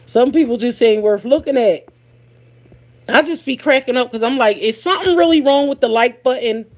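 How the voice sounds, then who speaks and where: A woman's voice: on the high side, moderate pace, darkish tone. A woman hosting a casual live stream, chatting with her viewers and reading their comments aloud, laughing often. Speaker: livestream host.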